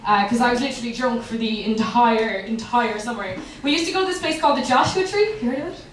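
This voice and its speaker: High-voiced Kerry Irish woman doing stand-up. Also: fast talker, far from the mic, a little hiss or hum. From Ireland. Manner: chatty, self-mocking, swears freely. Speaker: stand-up comedian. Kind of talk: stand-up comedy set. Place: comedy club stage. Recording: echoey club, mic heard from afar.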